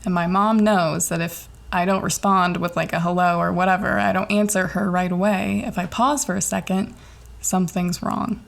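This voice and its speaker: A young woman in college, hosting her own podcast and telling a personal story in a chatty, animated way, swearing often and filling her talk with "like". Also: lowish voice, moderate pace, vocal fry. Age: young adult. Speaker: podcast host.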